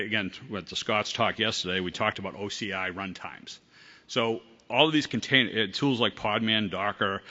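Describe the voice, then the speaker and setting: A man with a Boston accent gives a technical talk at a conference, loose and rambling, full of ums and false starts. His voice is lowish and bright-edged. The recording sounds dull and lo-fi. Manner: casual, rambling with many ums and restarts. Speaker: conference speaker. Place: conference hall.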